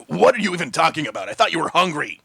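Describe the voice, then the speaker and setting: A man doing a grumpy gruff biker. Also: a little high, very animated, rapid-fire, sharp tone, no echo, heavily acted. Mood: irritated. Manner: gruff, grumbling, exasperated. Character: grumpy gruff male biker, middle-aged, irritable. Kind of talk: storybook reading.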